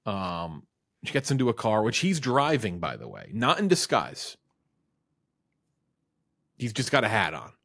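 Guy on a movie podcast, really lively swooping voice, dry close sound, getting worked up. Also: on the low side, a little slow, creaky, long pauses, no room sound. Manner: animated, exasperated ranting. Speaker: podcast co-host. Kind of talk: casual movie review chat.

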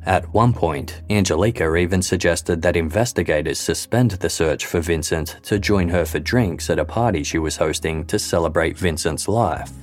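A man giving scripted true-crime narration in a measured, even documentary delivery. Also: low voice. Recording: faint music bed underneath.

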